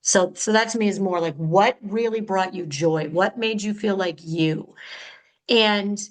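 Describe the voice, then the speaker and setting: A woman's voice: medium pitch, unhurried, poor audio. A middle-aged woman hosting her own podcast, talking in a candid, chatty way that is a little frenetic and full of self-corrections. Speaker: podcast host. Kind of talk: casual solo podcast talk.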